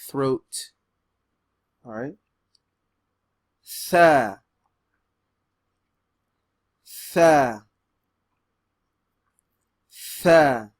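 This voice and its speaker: Easygoing man teaching letters. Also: mid-range voice. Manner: relaxed and chatty, with frequent ums; loud, emphatic modelling of letter sounds. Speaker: Quran reading teacher. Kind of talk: beginner Arabic lesson video.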